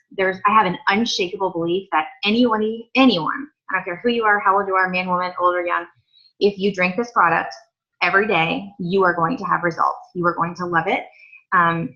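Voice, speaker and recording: A woman's voice: lowish voice, pushed and bright. A woman leading a sales team training, chatty and upbeat with lots of asides. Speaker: team leader. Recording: dull lo-fi audio.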